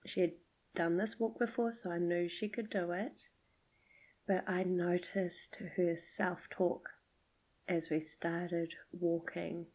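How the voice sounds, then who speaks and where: A middle-aged woman hosting a podcast, gently telling a personal story in a soft, often half-whispered voice. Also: on the low side, little pitch movement, slow pace, poor audio. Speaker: podcast host.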